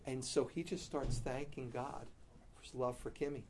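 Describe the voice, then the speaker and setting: A middle-aged man preaching a sermon, telling a story with bursts of loud animation and soft, low-key emphasis on his main points. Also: steady tone, normal speed, slight background noise.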